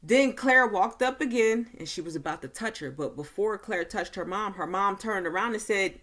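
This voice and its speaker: A woman giving a casual movie recap and review, talking slowly and easily, with frequent fillers. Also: mid-range voice, fairly bright tone. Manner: slow, easygoing delivery with many fillers.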